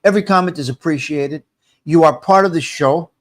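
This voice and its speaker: A man's voice: a little high, fairly quick. A man hosting a casual livestream, rambling, repeating himself and answering viewers' comments aloud.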